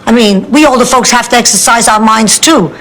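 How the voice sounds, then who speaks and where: An actress playing a blunt, wisecracking elderly mother with tart deadpan quips in a studio sitcom. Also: fairly high pitch, fairly quick, lightly acted, low-quality recording. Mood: scolding. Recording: old TV sitcom with loud music.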